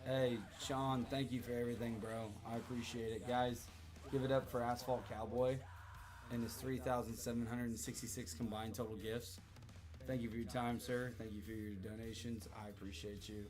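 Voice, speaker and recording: A man in his thirties hosting a livestream, telling a story in a loose, profane, animated way. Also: medium pitch, normal speed, music in the background. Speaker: livestream host. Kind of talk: casual storytelling to a live chat.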